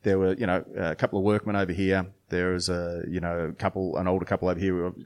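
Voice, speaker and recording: A middle-aged man chats easily in an interview, his voice sitting a little low. He rambles through stories and stops often to restart his sentences. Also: flat delivery, fast, a little mellow. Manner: rambling storytelling with many restarts and fillers. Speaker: brewer and beer judge. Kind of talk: casual interview chat.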